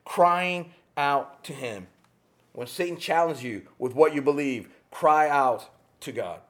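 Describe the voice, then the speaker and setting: A man preaching a sermon with passion, rising to near shouts and dropping to quiet, earnest tones. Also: on the high side, takes it slowly. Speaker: pastor.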